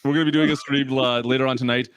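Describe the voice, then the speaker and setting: A man's voice: mid-range voice, steady tone, rapid-fire, clean tone, no echo, lo-fi sound. A man co-hosting a podcast in casual, rambling, self-mocking chat. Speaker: podcast co-host.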